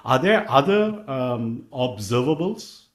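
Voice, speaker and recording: A man hosting an interview, asking questions haltingly with many fillers. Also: medium pitch, sing-song. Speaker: podcast host.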